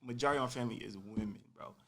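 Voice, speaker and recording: A young man casually telling a personal story on a podcast, animated and full of slang, acting out what people said. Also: mid-range voice, rapid-fire. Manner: animated, slangy, acts out quotes.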